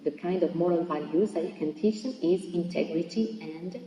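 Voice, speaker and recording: Algerian woman teacher, explanatory classroom delivery, mellow tone, recorded far off in a reverberant hall. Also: fairly low pitch, normal speed. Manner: explanatory, repeats "okay?" to check understanding. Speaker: English teacher.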